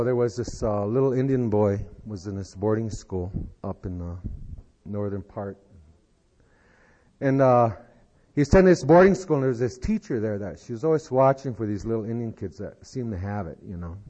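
A man telling a long joke in a folksy, rambling way, giving the characters quick voices and dropping into soft asides. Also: medium pitch. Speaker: storyteller. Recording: dull lo-fi recording.

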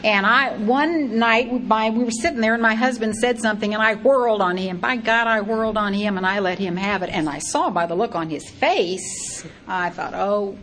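An older woman sharing her recovery story as a personal testimony, lively and acting out her own past thoughts in quotes. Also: medium pitch, normal speed.

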